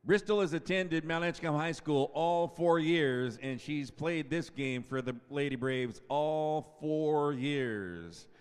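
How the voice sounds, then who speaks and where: A man in his fifties on a public address mic, stretching each player's name into a long call and chatting between the names. His voice sits a little high and comes through smooth and resonant, with a long echo off the gymnasium walls. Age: 50s. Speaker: PA announcer. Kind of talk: senior night announcing. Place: school gym. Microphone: PA microphone. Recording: echoey gymnasium PA sound.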